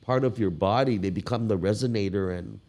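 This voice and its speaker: Deep-voiced older man reminiscing. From Guam. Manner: relaxed, reminiscing, drawn-out storytelling. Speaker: guest musician. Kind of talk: casual podcast conversation.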